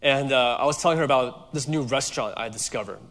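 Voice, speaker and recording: A man's voice: medium pitch, quick pace, a bit bright. A male pastor preaching a sermon in a conversational way, weaving in personal stories. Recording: long hall reverb.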